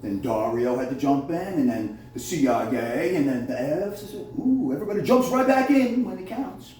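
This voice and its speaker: Man, slightly higher pitch, mellow dark tone, angry profane rant, distant from phone mic in a very echoey room. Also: lively intonation, moderate pace. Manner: heated, profane, accusatory ranting. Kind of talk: angry monologue to camera. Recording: very echoey room, voice far from mic, faint noise.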